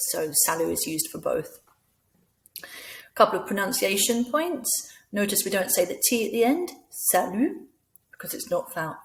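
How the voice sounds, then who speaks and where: A woman leading a teacher training session, explaining things patiently and clearly, often acting out words in different voices. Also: lowish voice. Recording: echoey room.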